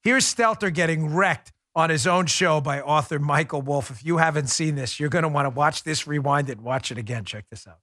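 A brash New man hosts his commentary show, firing off jokes in a fast, animated voice. His voice sits high for a man and rings bright. The sound is dry and close, with no room around it. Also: no echo. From New York. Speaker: podcast host.

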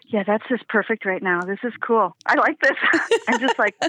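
A woman's voice: a little high, animated, moderate pace, bright, forceful tone, no echo. A woman from Wisconsin with a Wisconsin accent, a caller on the phone who sounds giddy and amazed at winning a contest. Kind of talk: phone conversation. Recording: dull phone line.

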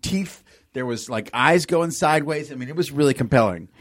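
A man's voice: medium pitch, lively intonation, brisk, no echo, studio quality. A man guest in casual comedic podcast chat, riffing jokes and laughing while talking.

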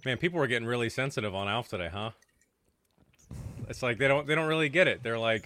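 A man's voice: medium pitch, quick pace, long pauses, sharp tone. A man hosting a casual basketball postgame show, loose and swearing as he runs the panel. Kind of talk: casual podcast chat.

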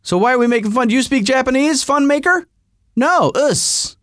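A man hosting a podcast, telling a rambling story in a casual, animated way with frequent restarts. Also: very high-pitched, normal speed, dry recording, studio quality. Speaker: podcast host. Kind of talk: casual monologue.

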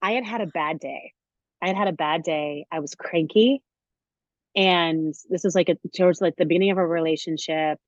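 A young adult woman chatting as a guest, telling a story with lively acted-out quotes. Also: on the low side, normal speed, no room sound, lo-fi sound. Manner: animated storyteller, acts out quoted voices. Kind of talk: casual chat.

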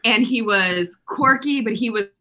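A woman in her forties telling lively stories in casual conversation, laughing often and acting out the people she quotes. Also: fairly high pitch, unhurried. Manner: animated, laughing, acts out quoted voices. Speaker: podcast guest.

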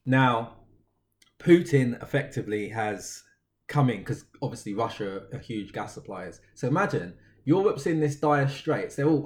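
A man co-hosting a podcast in casual chat, explaining things quickly and emphatically. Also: mid-range voice, animated, darkish tone. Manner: fast, emphatic explaining, mocking voices. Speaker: podcast co-host.

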